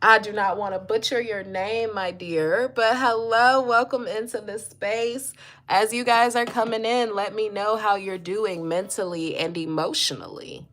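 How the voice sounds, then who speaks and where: A woman with a fairly high, slightly bright voice speaks at a measured pace. She hosts a casual mental health livestream, chatty and encouraging, greeting viewers and reading their comments aloud in a relaxed motivational style.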